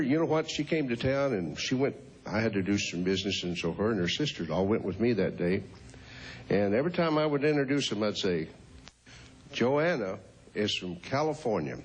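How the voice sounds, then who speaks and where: Guy in his 50s hosting, teasing kids, lots of ups and downs in his voice. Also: on the low side. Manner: folksy, teasing, chuckling. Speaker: host. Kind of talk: casual chat with children.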